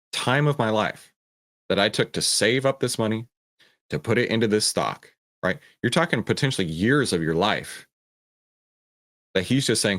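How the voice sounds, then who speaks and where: A man's voice: fairly low pitch, a bit bright. A man hosting a stock market commentary show, reacting to a clip and explaining a chart, emphatic and checking in with "right?" and "okay?". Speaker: host.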